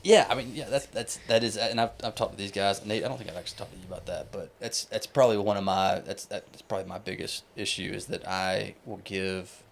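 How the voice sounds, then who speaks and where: A man's voice: lowish voice, a little fast, gravelly, hardly any pauses. A man in his thirties, a podcast guest, talking casually and rambling with many restarts and fillers. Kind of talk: casual conversation.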